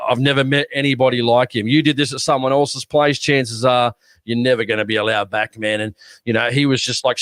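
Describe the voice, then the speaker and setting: A man's voice: medium pitch, a bit bright, dry recording. Rambling Australian man telling a story. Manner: rambling storyteller, many restarts and "mate". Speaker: podcast co-host. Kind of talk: casual chat.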